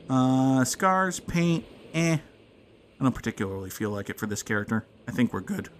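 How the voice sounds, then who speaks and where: A man's voice: medium pitch, big pitch swings, normal speed, slight background noise. A man hosting a let's play, giving casual gameplay commentary with jokes, wry asides and frequent laughs.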